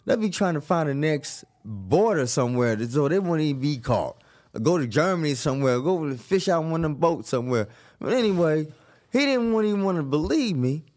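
Animated, joking male storyteller. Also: on the high side, normal speed. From Virginia, USA. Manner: animated, joking, lots of asides. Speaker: guest. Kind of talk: casual storytelling.

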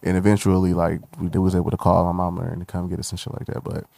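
A man's voice: deep voice, rapid-fire, gravelly, no echo, studio quality. A young man telling a personal story in candid, profane, casual conversation on a podcast. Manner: loose, profane, animated when retelling anger. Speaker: guest.

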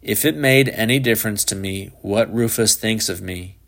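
A man's voice: fairly low pitch, normal speed, fairly bright tone. A man reading aloud, voicing an earnest, self-righteous grown man who talks in an insistent, slightly preachy way. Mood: lecturing.

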